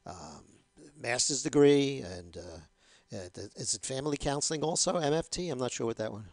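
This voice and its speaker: A male host in a casual interview, rambling and poking fun at himself while he restarts his thoughts. His voice has a mid pitch. It sounds close and dry. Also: lively intonation, moderate pace, no echo. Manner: rambling, self-deprecating, with many restarts.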